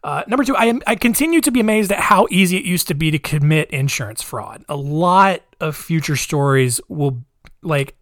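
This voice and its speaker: A man's voice: medium pitch, a bit bright, dry recording. A man casually retelling a true-crime story, hesitant and wry, with many restarts. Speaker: podcast storyteller.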